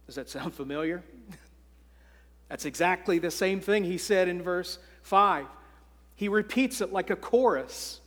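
A pastor preaching a sermon in an earnest, deliberate way. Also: male voice, sits high, a bit bright, big-room sound.

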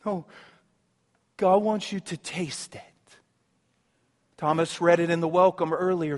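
A man preaching a sermon as pastor, swinging between emphatic passages and soft, hushed ones, and repeating words as he builds a point. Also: fairly high pitch, fairly even intonation, slow, pauses often, big-room sound.

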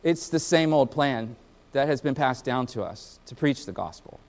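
A man preaching a sermon as pastor, in a lively conversational way with slang and joking asides. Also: medium pitch, normal speed, creaky, long reverb tail.

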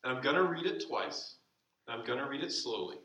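A male pastor preaching a sermon, slowing down for emphasis and dropping to soft, quiet asides. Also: mid-range voice, animated. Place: church sanctuary. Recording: roomy church sound from a distant mic.

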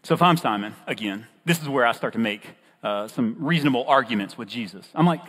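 A man preaching a sermon with playful storytelling and a husky voice. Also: medium pitch, expressive, a little fast, a bit bright. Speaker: pastor. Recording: long reverb of a large hall.

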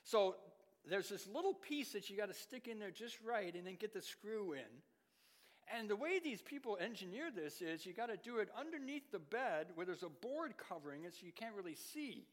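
Middle-aged preacher with a high-pitched voice in a big echoing hall. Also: male voice, very animated, moderate pace. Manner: shifts between loud emphatic lines and hushed, low asides. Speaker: pastor. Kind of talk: sermon. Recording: long reverb of a large hall.

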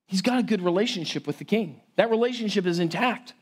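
A man's voice: high voice, fast, hardly any pauses. A man preaching a sermon in a conversational, emphatic way, with frequent restarts and asides to the congregation. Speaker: pastor.

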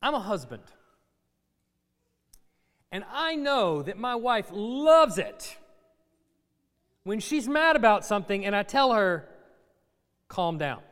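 Guy preaching a sermon, pretty high voice, chatty with dry jokes, long church reverb. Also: big pitch swings, slow pace, long pauses, a bit bright. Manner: conversational, dry sarcastic humor. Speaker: pastor. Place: church sanctuary.

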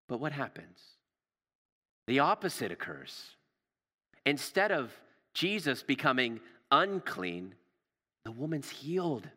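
A man preaching a sermon with passion, repeating words and dropping to a hush for emphasis, recorded in a church. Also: a little high. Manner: impassioned, repeats words, drops to hushed emphasis. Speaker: pastor. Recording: long reverb of a large hall.

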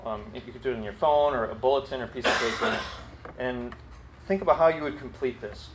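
A man preaching a sermon in a conversational, earnest way, with quick asides. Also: mid-range voice, crowd noise. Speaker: pastor. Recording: echoey hall, faint background noise.

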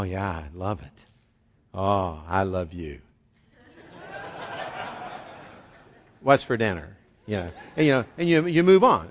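A man's voice: fairly high pitch, vocal fry. A man preaching a sermon as a pastor in an earnest, conversational way, often restarting and repeating words. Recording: dull lo-fi recording.

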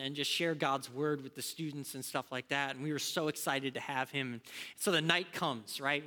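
Animated male preacher in a reverberant hall. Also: on the high side. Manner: animated, acts out dialogue. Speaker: campus minister. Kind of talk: sermon with personal story.

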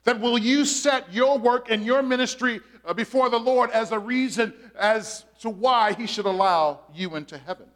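A man preaching a sermon in a strikingly high voice. He stretches out his key phrases for emphasis and fills his pauses with "uh." He speaks as a pastor working through a passage with his congregation. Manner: animated preaching, drawn-out emphatic phrases, frequent "uh" fillers.

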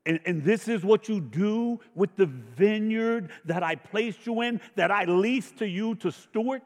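A man preaching with a fairly high voice, slow and emphatic, rising into loud questions and sinking to near whispers. His words ring out with a long reverb, as in a large church hall. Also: expressive. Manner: slow, emphatic preaching with dramatic swells and hushed drops. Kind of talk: sermon.

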